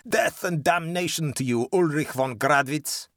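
A man's voice: medium pitch, animated, moderate pace, no room sound, clean studio sound, voice pushed up, lightly acted. A man voicing a trapped nobleman who snarls and mocks his enemy, harsh and savage in tone. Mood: snarling, mocking. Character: snarling mocking nobleman trapped under a tree.

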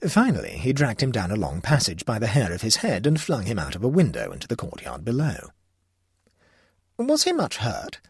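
A man narrating a classic story in an expressive, storytelling way. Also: fairly low pitch, fast talker, hardly any pauses, slightly rough, no room sound, studio quality. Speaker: audiobook narrator. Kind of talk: scripted narration.

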